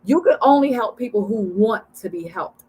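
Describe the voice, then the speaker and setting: A woman's voice: medium pitch, animated, normal speed, darkish tone, husky, low-quality recording. A woman hosting an interview, talking in an emphatic, reassuring way and repeating phrases for stress. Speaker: host.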